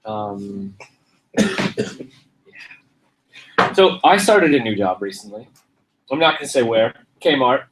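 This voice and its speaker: A man does stand-up in an unhurried, offhand way, stumbling over his words and keeping a deadpan tone. His voice sits a bit high and moves around a lot. He sounds distant from the mic, with clear noise in the background. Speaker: comedy performer. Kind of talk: improvised stage comedy.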